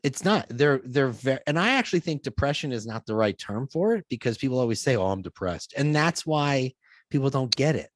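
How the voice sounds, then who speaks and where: A man's voice: medium pitch, fairly quick, no room sound. A middle-aged man talks casually as a podcast guest on his own show, telling stories with energy. He jumps into quoted voices as he goes. His voice sits close and dry, with no room around it. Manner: animated storytelling, acts out quoted voices. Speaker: podcast host being interviewed. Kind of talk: casual conversation.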